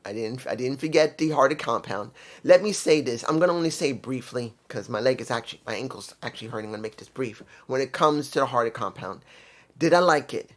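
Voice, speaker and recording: A man's voice: medium pitch, lively intonation, quick pace. A man casually reviewing a wrestling show, rambling and circling back to correct himself.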